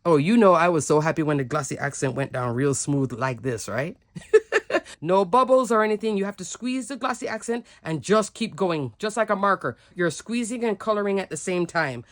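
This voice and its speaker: Woman, card-making demo, chatty, upbeat, lower voice, dry close sound. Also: lively intonation, a little fast, hardly any pauses, dry recording. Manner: chatty, upbeat, says "like" often. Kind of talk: casual craft product demo.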